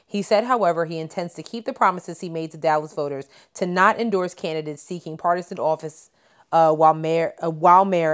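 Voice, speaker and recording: A woman co-hosting a podcast, reading news stories aloud in casual chat with stumbles and asides. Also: lowish voice. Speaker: podcast co-host.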